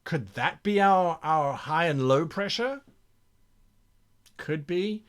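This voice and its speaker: Lively man brainstorming aloud. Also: a little high, slow, clean tone. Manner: thinks out loud, restarts and repeats phrases. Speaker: game master and streamer. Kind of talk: live campaign brainstorming, reading chat aloud.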